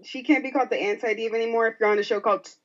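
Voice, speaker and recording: Fast-talking sassy woman. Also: a little high, fairly even intonation, lo-fi sound. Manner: blunt, sassy, swears. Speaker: podcast co-host. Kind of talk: casual chat.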